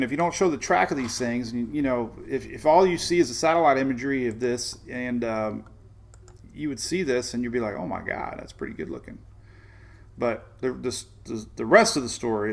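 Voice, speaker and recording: A man hosting a casual live weather show, chatting and rambling as he walks through radar maps and reads viewer comments. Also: medium pitch. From Florida, United States. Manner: rambling, chatty, vents then jokes.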